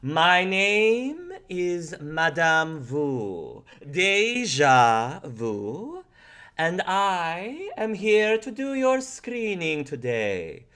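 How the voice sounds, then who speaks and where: A man voicing a theatrical woman fortune teller with a slow, drawn-out mystical delivery. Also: sits high, sing-song, sharp tone, clear, resonant tone, pitched above the performer's own voice, heavily acted.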